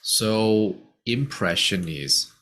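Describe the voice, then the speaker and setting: A man's voice: fairly low pitch, animated, drawn-out words, fairly bright tone, slight background noise. A man teaching a casual one-on-one English lesson, patiently explaining simple words.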